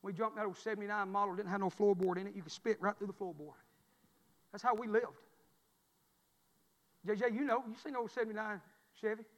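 A man, preaching a sermon through a folksy personal story that swings from loud to hushed. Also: high-pitched, fairly even intonation, a little fast, long pauses, long reverb tail. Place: church.

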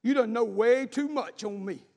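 Male pastor, very high voice, fervent shouted sermon, long church reverb. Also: moderate pace, creaky. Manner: fervent, cries out and shouts in bursts.

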